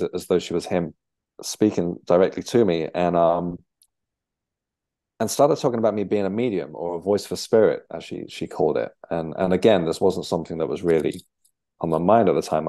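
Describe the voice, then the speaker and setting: Low, dark-voiced man telling his story. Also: steady tone. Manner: halting, with frequent restarts and fillers. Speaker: guest. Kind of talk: conversational storytelling.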